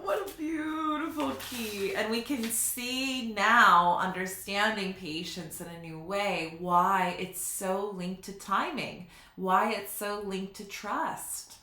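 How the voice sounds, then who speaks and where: Bright, reflective woman in a roomy space. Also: medium pitch, slight background noise. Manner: slow, reflective, laughs at herself. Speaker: spiritual teacher. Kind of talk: reflective spiritual teaching vlog. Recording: roomy echo.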